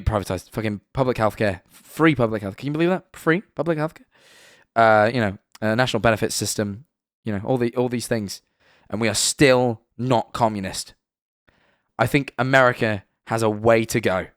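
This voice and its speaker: A man's voice: medium pitch, no room sound, studio quality. Rambling British guy on a stream. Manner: rambling, swearing, emphatic, lots of "right?". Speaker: streamer reacting to videos and chat. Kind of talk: casual live-stream chat.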